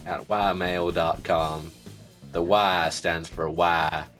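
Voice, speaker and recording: A man voicing a folksy, slow-witted hillbilly man with a slow rural drawl, reading a podcast outro. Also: low-pitched, steady tone, faint music behind.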